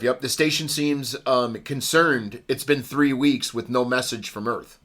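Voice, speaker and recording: Male podcast co-host, casual, halting movie recap full of fillers. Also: mid-range voice, a bit bright. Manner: rambling, many ums and restarts.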